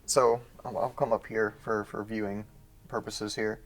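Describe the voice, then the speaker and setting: A man's voice: on the low side, level tone, unhurried, over a noisy crowd. A man co-hosting a casual gunsmithing how-to, explaining assembly in a jokey, self-mocking way. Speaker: gunsmithing co-host. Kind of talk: casual instructional banter.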